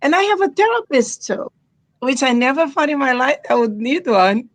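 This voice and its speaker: A woman's voice: sits high, sing-song, moderate pace, no echo. A woman from Brazil with a Brazilian Portuguese accent, a guest in a casual podcast chat, speaking earnestly in short emphatic statements.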